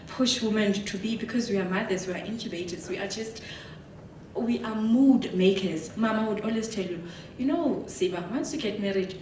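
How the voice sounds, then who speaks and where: A woman's voice: mid-range voice, slight background noise. Woman speaking in an echoey hall. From South Africa. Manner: lively storytelling with frequent laughs. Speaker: guest speaker. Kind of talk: motivational talk. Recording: echoey hall, distant mic.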